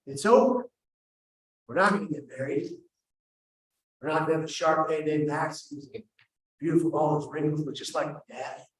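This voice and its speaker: A young woman on a first date gone wrong, flat and curt, as a man tells it on stage. Her voice is fairly high. It rings out in a big echoey hall, heard from far off. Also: moderate pace, pauses often, close to an everyday voice.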